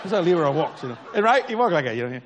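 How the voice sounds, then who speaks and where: High-voiced, lively preacher man. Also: very fast, a faint crowd. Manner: chuckles often while telling stories; folksy, conversational, asks the audience if they follow. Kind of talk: storytelling sermon.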